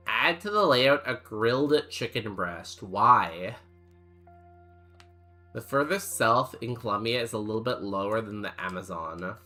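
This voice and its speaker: A young man streams a game and chats casually with his viewers, rambling and joking with lots of fillers while reading chat. His voice is lowish, pushed and bright.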